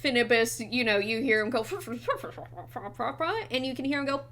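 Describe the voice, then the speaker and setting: A woman narrates a tabletop game as its game master, taking her time. She rambles with fillers and corrects herself mid-sentence, in a voice sitting a bit high. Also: animated, unhurried, a bit bright, slight background noise. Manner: meandering, many fillers and self-corrections, laughs often.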